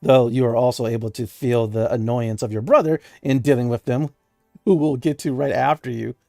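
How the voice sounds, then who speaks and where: A chatty male game master narrates a fantasy tabletop session at an even middle pitch. He laughs often and fills pauses with frequent fillers. The sound is dry and close, with faint music behind. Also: gravelly, no echo.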